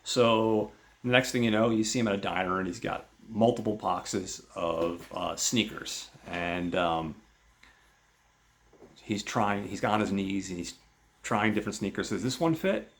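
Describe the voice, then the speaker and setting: Low gravelly man recapping a film. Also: fairly even intonation, a little slow, a bit bright. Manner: rambling, with many filler words. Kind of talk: casual film plot recap.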